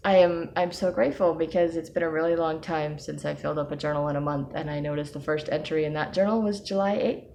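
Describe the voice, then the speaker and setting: A woman with a low-pitched voice talks in a personal vlog diary. She speaks softly and hesitantly, with many pauses and ums. She breaks into small laughs often as she goes. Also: a little hiss or hum. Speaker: personal video diarist.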